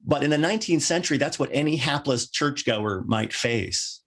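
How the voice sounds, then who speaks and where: A male minister delivering a sermon, with wry joking asides and lively rising emphasis. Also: medium pitch, moderate pace.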